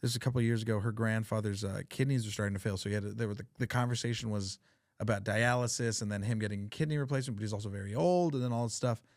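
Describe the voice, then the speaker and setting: A man hosting a podcast, telling funny family stories in a casual, profane, animated way. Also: on the low side, racing, dry recording, clean studio sound. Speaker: podcast host. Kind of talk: casual chat, storytelling.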